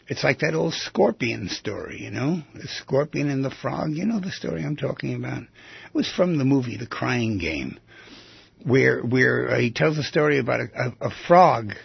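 A man with a deeply raspy, gravelly voice hosts a radio call-in show, musing aloud with lively swings of pitch. The sound is dull and lo-fi, close and dry with no room around it. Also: normal speed, no room sound. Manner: musing, rhetorical questions, conversational asides. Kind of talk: reflective radio monologue.

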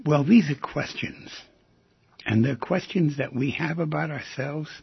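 A man with a gravelly, very husky voice hosts a radio call-in show, pressing listeners with one question after another. He teases and jumps to sudden loud bursts. The sound is dry and somewhat dull. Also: fairly high pitch, measured pace, dry recording. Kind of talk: talk radio monologue.

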